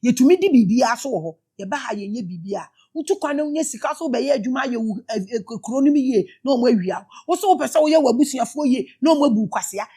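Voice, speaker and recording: Impassioned Ghanaian woman, high voice. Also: lively intonation, fast, few pauses, husky. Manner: emotional, shouting exclamations, switching into Twi. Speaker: spiritual teacher. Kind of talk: impassioned spiritual commentary.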